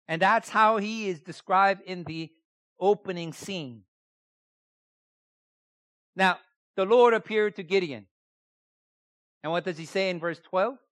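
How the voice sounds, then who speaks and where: A man's voice: sits high, slow, pauses often, fairly bright tone, dry recording, studio quality. A man preaching a sermon, emphatic and repeating key phrases, often putting rhetorical questions to his listeners. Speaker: pastor.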